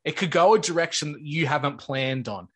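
Man with a slightly high voice, measured. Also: a bit bright, slightly rough. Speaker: podcast guest co-host. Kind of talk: casual podcast chat.

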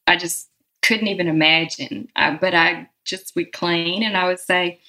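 Woman, unhurried speech, warm heartfelt reflection, interview guest. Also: fairly low pitch, fairly even intonation. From Southern United States. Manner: slow, heartfelt, laughs often. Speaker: musician guest.

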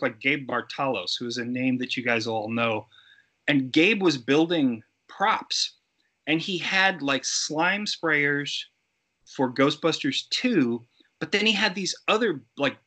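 Bright, lively middle-aged man telling stories. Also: on the high side, unhurried. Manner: animated, acts out quoted voices. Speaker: interview guest, creature suit performer. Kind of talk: casual storytelling interview.

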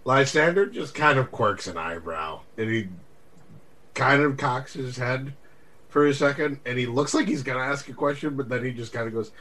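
Bright-voiced man playing a tabletop game. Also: mid-range voice, moderate pace. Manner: easygoing, describing his character's actions. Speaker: player.

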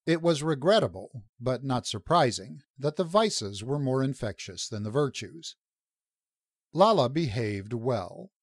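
Brief: male audiobook narrator, even and measured, mid pitch, dead-dry recording. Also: no echo. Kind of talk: scripted narration.

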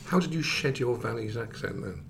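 Man interviewer, measured long questions, gravelly voice. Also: mid-range voice, a little hiss or hum.

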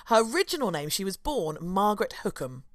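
A woman's voice: mid-range voice, big pitch swings, fairly quick, no room sound, studio quality. A woman in her thirties hosting a podcast, telling a story in a chatty, enthusiastic way with many fillers. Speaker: podcast host. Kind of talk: casual chat.

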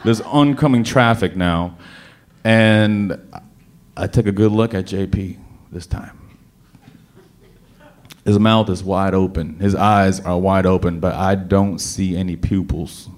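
A man telling a personal story to an audience, animated and dramatic, often repeating words as he restarts. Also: sits low, slow pace.

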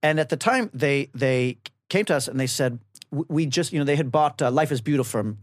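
A middle-aged man co-hosting a podcast, tossing in deadpan quips and prodding questions while recounting old stories. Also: a little high, no echo. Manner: quick deadpan interjections, wry prodding questions. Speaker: co-host. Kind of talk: casual podcast chat.

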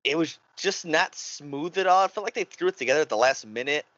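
A man with a somewhat high voice swings widely in pitch as he reacts to a film, swearing freely. The recording is dry, close and slightly dull. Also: fairly quick, dry recording. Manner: animated, swearing, laughing reactions. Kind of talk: casual movie discussion. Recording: dry, slightly muffled lo-fi audio.

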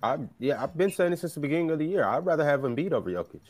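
A man hosting a basketball podcast, briskly reading out viewer questions and giving short opinions. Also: fairly high pitch, big pitch swings, crowd noise. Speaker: podcast host reading super chats. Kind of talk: casual sports debate.

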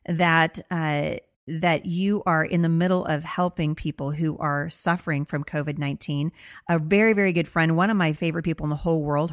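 An earnest woman with a slightly low voice talks straight into a close mic, with a dry, roomless sound. She hosts her own show and answers a listener in an impassioned monologue, repeating her points for stress as she nears tears. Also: no echo. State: near tears. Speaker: podcast host responding to a listener.

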